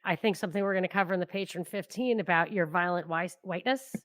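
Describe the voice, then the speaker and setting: A woman co-hosting a political podcast, talking casually with wry, sardonic remarks and halting restarts. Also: lowish voice, a bit bright, no echo. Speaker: podcast co-host.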